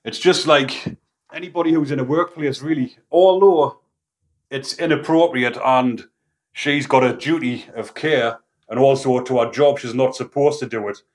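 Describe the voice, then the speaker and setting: A man's voice: mid-range voice, fairly even intonation, normal speed. A man hosting his own channel, talking casually and rambling with informal slang, a little out of breath. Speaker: channel host. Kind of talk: casual talk to camera.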